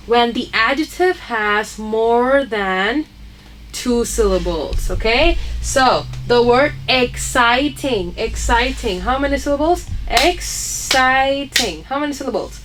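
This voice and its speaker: A woman's voice: fairly high pitch, slight background noise, poor audio. A woman teaching an English grammar lesson, patiently explaining and checking in with her class after each point. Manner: patient, checks in with "okay?" and "right?".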